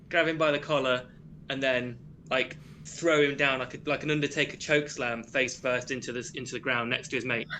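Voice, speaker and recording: A man's voice: medium pitch, fairly even intonation, moderate pace, pushed and bright, a little hiss or hum. Hesitant man, chuckling. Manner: hesitant, self-deprecating, chuckling. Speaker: player. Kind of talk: casual game banter.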